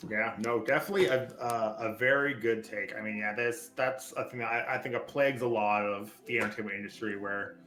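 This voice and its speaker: Relaxed man in a roomy space. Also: fairly low pitch, fairly quick, few pauses, faint music behind. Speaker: podcast co-host. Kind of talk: casual podcast chat.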